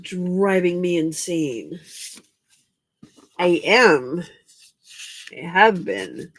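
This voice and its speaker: A tired, yawning woman hosting a late-night crafting livestream, chatting with viewers by name in a relaxed way. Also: on the low side, extremely slow, gravelly, no room sound. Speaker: livestream host.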